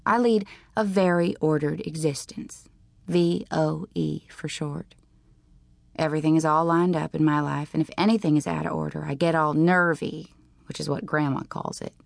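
A woman narrating a teen novel in the first person, in a dry, deliberate, wry way. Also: sits low, fairly even intonation, gravelly, no echo. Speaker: audiobook narrator.

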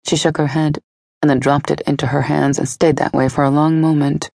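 A woman narrating an audiobook in a steady, even storytelling delivery on a close studio mic. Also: low-pitched, brisk, vocal fry, no echo.

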